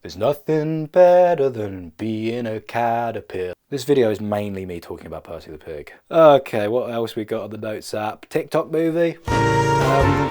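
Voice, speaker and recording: Young man, comedy vlog, rambling, self-mocking, very animated pitch. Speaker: vlogger.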